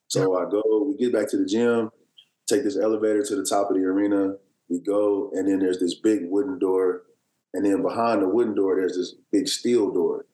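A man's voice: low voice, steady tone, fairly quick, dark tone, echoey room, poor audio. A man in his thirties, a basketball player telling a long, meandering story with lots of fillers and restarts, as a guest on an interview show. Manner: rambling, filler-heavy storytelling with many restarts. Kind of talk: casual storytelling.

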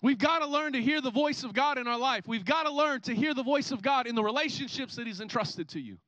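A man in his thirties preaching a sermon as a pastor, telling stories in an animated way and acting out the scenes. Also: very high-pitched, fast, no room sound. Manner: animated storytelling, acts out scenes. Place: church.

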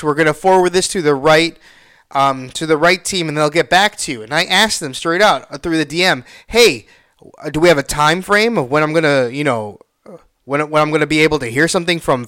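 Bright, crisp-voiced man ranting. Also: fairly high pitch. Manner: profane, exasperated, reads messages aloud. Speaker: podcast host. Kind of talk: casual solo rant.

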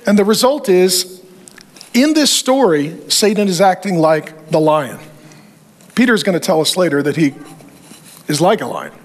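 A man's voice: sits high, animated, unhurried, pauses often. A middle-aged man preaching a sermon as pastor, emphatic, with punchy repetition and touches of humor.

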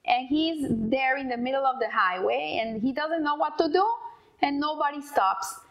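A woman casually telling an inspirational story, halting and repeating words as she goes. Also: high-pitched.

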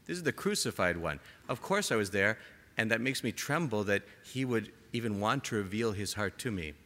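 A man preaching a sermon to a gathered congregation, impassioned, rising to emphatic peaks and dropping to soft, quiet lines. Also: on the low side, animated, normal speed. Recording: long hall reverb.

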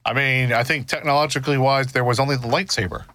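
A man's voice: mid-range voice, steady tone, fast, bright, forceful tone. A man in a casual discussion, explaining his points at length with frequent restarts.

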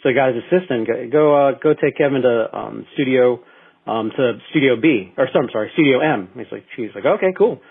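A man co-hosting a casual internet radio talk show, telling a long story that he keeps restarting and filling with ums. His voice is husky and sits at an average pitch. The sound is thin and phone-like. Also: fairly quick. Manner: rambling storyteller with many restarts and fillers. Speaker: podcast co-host. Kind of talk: casual chat.

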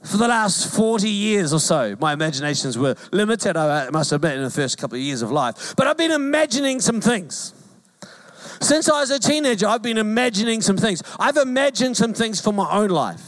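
A man's voice: high voice, big pitch swings, fairly quick. A New man in his forties, a pastor giving a sermon in a conversational, joking way with emphatic repetition.

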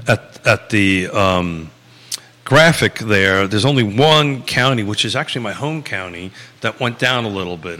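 A man in his sixties with a Long Island accent hosts a live talk show. He rambles loosely, with plenty of fillers and restarts. His voice is low-pitched but bright and forceful, and it carries a long reverb. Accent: Long Island New York. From Long Island, New York. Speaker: real estate talk show host.

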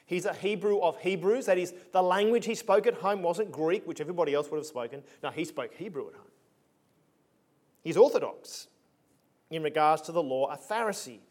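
A man's voice: fairly high pitch, fairly quick, darkish tone. A man preaching a sermon in a conversational, emphatic way with punchy asides.

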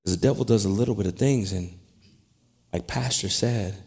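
A man preaching a sermon, dropping to quiet, conversational asides and then rising to loud, emphatic shouts, with laughter along the way. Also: lowish voice, moderate pace, slightly rough. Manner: animated, with laughter and restarts. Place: church.

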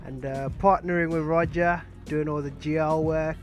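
A male guest on a radio show introduces himself in a relaxed, easygoing manner. His voice sits slightly high for a man. Music plays faintly behind him. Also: normal speed. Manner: relaxed, easygoing, laughs easily. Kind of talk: casual radio banter.

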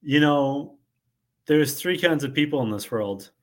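A man co-hosting a casual recap podcast, talking things through in a measured, explanatory way. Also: on the high side, expressive. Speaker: podcast co-host.

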